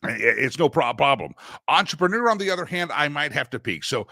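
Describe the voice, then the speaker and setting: A man's voice: fairly high pitch, very animated, brisk, pushed and bright, no room sound, clean studio sound. A man hosting a morning talk show, chatty and joking, with rambling asides. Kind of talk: casual news commentary show.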